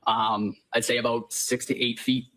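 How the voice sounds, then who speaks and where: A man testifying in court as a firefighter paramedic, answering politely and in a measured way. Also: medium pitch, flat delivery, a bit bright, low-quality recording.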